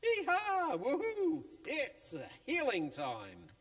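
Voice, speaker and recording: A man voicing a band of excited male friends who whoop and cheer in a very high, loud voice. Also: takes it slowly. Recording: long church reverb, faint music.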